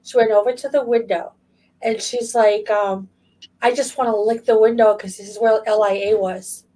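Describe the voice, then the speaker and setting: A woman co-hosts an online chat show, blunt and chatty in a fairly high voice. She sits set back from her microphone, so she sounds a little distant. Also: steady tone, moderate pace, dark tone. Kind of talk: casual podcast chat.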